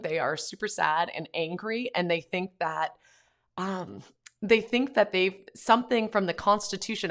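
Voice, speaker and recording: Filming a vlog at home, this mother, a Catholic pro-life vlogger, chats to camera in a lowish, fairly bright voice. Her talk is loaded with "like" and "um" fillers.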